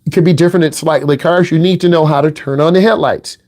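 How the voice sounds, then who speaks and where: A man's voice: on the high side, fairly even intonation, quick pace, darkish tone. A middle-aged man from the Midwest giving a driving lesson in a blunt, teasing, direct way. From American Midwest. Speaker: driving instructor. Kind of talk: casual instructional talk.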